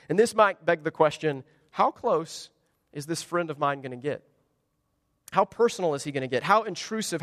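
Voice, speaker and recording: A man's voice: high voice, a bit bright. A man preaching a sermon, emphatic, asking rhetorical questions and acting out the quotes he reads. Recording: dry close mic with long hall reverb.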